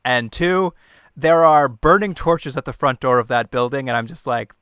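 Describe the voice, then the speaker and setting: A podcast co-host with a medium-pitched, slightly bright voice recaps a movie in casual chat at a moderate pace, laughing often. His tone is clear and resonant, captured in clean studio sound with no room echo.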